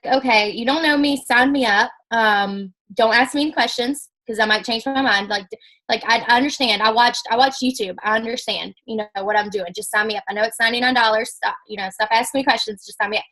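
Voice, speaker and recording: A woman's voice: a little high, brisk, low-quality recording. Chatty young woman telling a story. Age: young adult. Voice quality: chatty, animated, acts out quotes. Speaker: network marketing speaker. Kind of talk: casual storytelling talk.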